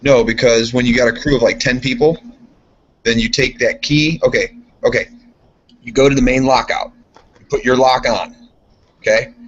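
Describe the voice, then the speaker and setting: A man's voice: medium pitch, steady tone, normal speed, long pauses, a bit bright. Brief: foul-mouthed working man, rambling anecdotes, casual, muffled lo-fi sound. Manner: profane, rambling storyteller. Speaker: guest, steel mill worker. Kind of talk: casual chat. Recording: dull lo-fi podcast audio.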